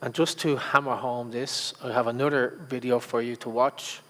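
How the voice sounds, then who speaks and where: A man's voice: medium pitch, little pitch movement, normal speed, a bit bright. Man coaching a workshop in a hall. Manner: conversational, with fillers and restarts. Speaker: public speaking coach. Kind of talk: workshop presentation. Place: conference workshop room. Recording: long reverb in a hall.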